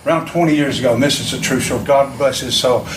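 A man with a drawl gives a young wrestler a pep talk, emphatic and circling back on himself. He sits some way off the mic in an echoey room with a lot of noise around him. His pitch sits in the middle. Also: fast, over music. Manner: rambling, emphatic, repeats himself. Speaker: veteran wrestler coaching a young wrestler. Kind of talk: motivational pep talk from a promo video. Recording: echoey, distant, noisy room.

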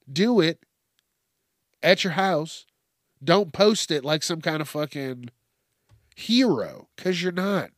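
A young man rants on his solo podcast, blunt and full of swearing. His voice sits a little high. The sound is close and dry. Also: no echo. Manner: blunt, heavily profane. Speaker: podcast host. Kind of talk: casual solo rant.

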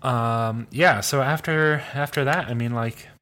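Man, tabletop player, rambling, lots of fillers, mid-pitched voice. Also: a little slow, bright, forceful tone, a little hiss or hum. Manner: rambling, many fillers and restarts. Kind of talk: casual tabletop role-play chat.

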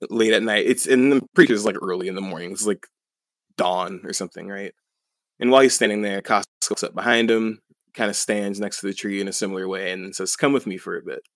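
A man's voice: on the low side, steady tone, fairly quick, fairly bright tone, no echo. A young man co-hosting a podcast, casually recapping a story in a rambling way with many fillers and chuckles. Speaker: podcast co-host.

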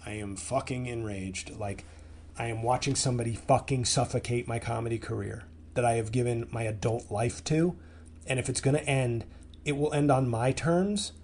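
A man's voice: medium pitch, fairly even intonation, moderate pace, darkish tone, slight background noise. Furious profane man ranting. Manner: angry, profane ranting with stumbles. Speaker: podcast host, comedian. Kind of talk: solo podcast rant.

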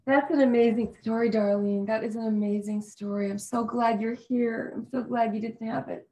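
A woman's voice: a little high, fairly even intonation, normal speed, warm tone. A woman hosting a casual talk show, enthusiastic and affirming toward her guest as she tells a family story. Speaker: host.

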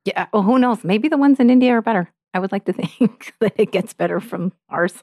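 A woman's voice: mid-range voice, a little fast, warm tone, no echo, clean studio sound. A woman co-hosting a true-crime podcast in casual chat, blunt and often laughing. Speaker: podcast co-host.

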